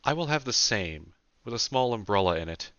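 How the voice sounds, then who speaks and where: A man voicing a calm, poised woman negotiator in an audiobook, smooth and measured in manner. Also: fairly low pitch, no room sound, dull audio, voice pushed up. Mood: composed.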